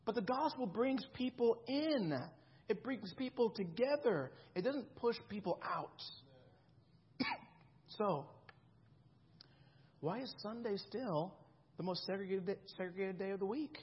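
A man's voice: high-pitched, lively intonation, unhurried, pauses often, husky, highs cut off. A man in his thirties preaching a sermon in a conversational way, often checking in with the congregation. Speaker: pastor.

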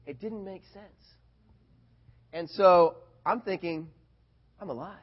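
A man preaching from the pulpit, his voice pitched high as he tells a story. He turns animated and loud at the exciting parts. The recording sounds dull and lo-fi. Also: slow pace. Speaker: pastor. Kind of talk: sermon with personal story.

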